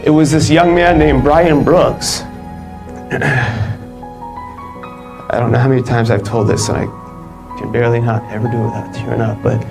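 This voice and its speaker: A man in his thirties giving a live motivational keynote, telling his story in a lively, conversational way with lots of "like" fillers. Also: medium pitch, moderate pace, creaky, pauses often, over music, poor audio. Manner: animated, conversational, many "like" fillers, laughs between lines. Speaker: keynote speaker. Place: live event stage.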